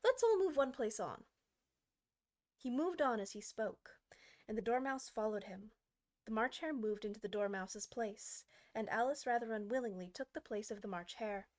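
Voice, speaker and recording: A woman's voice: on the high side, moderate pace. Woman narrating a storybook. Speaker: audiobook reader.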